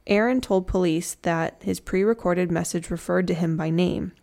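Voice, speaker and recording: A woman's voice: on the low side, normal speed, gravelly, a little mellow. A woman telling a true crime story in a casual, chatty way, with slangy joking asides.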